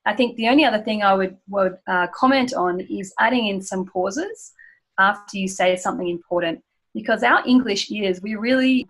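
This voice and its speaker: A woman's voice: medium pitch, rough recording. Australian woman explaining like a coach. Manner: explanatory, gives spoken examples. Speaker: accent coach. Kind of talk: coaching conversation.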